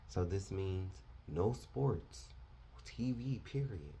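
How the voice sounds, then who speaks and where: A man's voice: sits low, lively intonation, takes it slowly, mellow, a little hiss or hum. A man preaching a confrontational, fiery sermon, lecturing his listeners.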